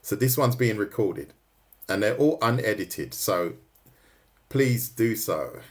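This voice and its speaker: A man's voice: on the low side, lively intonation, slow pace. Joking man teaching drawing on a livestream. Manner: joking, chatty, teasing viewers. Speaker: art teacher. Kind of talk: casual livestream drawing lesson.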